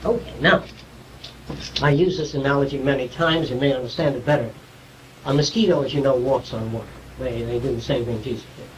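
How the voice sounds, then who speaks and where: A man's voice: mid-range voice, steady tone, fairly quick, slight background noise. Distant archival lecture, man explaining. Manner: conversational, explanatory, asks listeners if they follow. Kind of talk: informal lecture to a small audience.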